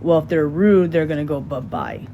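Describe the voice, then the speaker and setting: A man's voice: a little high, huge pitch swings, moderate pace, phone-quality sound. A man talks on a phone livestream, his words tumbling out and doubling back on themselves. He sounds earnest and a little defensive. A faint noise sits under the voice. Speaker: livestream host. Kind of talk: livestream apology talk.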